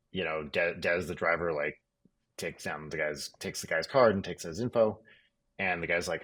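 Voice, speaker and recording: A man's voice: low voice, fairly quick. A man co-hosting a podcast, telling a road story in a dry, wry, casually profane way. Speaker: podcast co-host.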